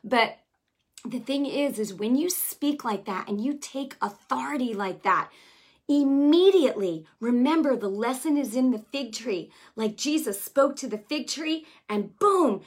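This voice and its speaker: A fervent woman speaks in a slightly higher voice, sharing a testimony with mounting conviction. She repeats key phrases for emphasis and pushes toward near-shouting before easing back into chatty asides. Her delivery stays personal and full of restarts. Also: expressive, unhurried. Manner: conversational asides, many restarts and fillers. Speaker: Christian teacher sharing a healing testimony. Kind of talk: passionate testimony and teaching.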